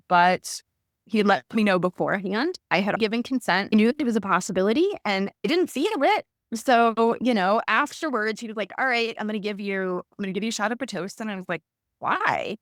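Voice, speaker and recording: A woman in her thirties telling a personal story in a conversational way, animated and acting out the lines of people in it. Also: medium pitch, no room sound, studio quality. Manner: animated, acts out quoted dialogue. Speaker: guest recounting her birth.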